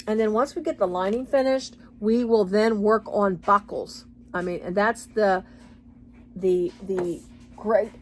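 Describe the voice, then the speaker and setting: A woman's voice: mid-range voice, slight background noise. A woman giving a casual sewing tutorial in a chatty, rambling way, full of fillers and restarts. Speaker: sewing pattern designer.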